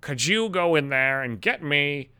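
A man's voice: on the high side, lively intonation, measured pace, pushed and bright, smooth, heavily acted. A man voicing a weathered middle-aged woman who pushes a stranger with wheedling requests, in a comic rant.

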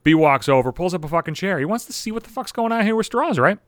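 Fast and highly expressive, a high-pitched man in his thirties rips through a profane comic monologue on a dry recording. Swearing never lets up, and he keeps winding himself into rants.

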